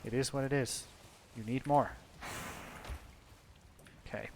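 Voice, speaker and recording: Young man from finland, game stream chatter, rambling and profane, talks to himself, medium pitch. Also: fairly even intonation, takes it slowly, vocal fry, background noise. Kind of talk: casual gameplay commentary.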